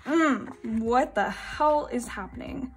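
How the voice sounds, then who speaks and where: A young woman from Singapore chatting casually while unboxing albums, giggly and gushing, now and then breaking into high squeals. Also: slow pace, faint music behind. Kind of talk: excited casual chat.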